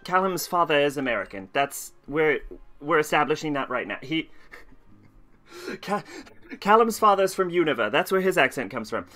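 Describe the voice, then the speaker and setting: A man's voice: a little high, sing-song, normal speed, sharp tone, faint music behind. A man streaming a game, talking casually and rambling with frequent laughs. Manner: chatty, rambling, laughs often. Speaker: let's play streamer.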